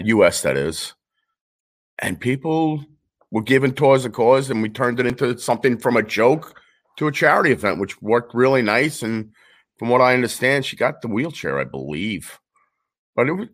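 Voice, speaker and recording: In a casual remote-call chat, a man with a New York accent and a mid-range, somewhat bright voice plays the brash storyteller. He's a guest collector whose stories ramble and joke along.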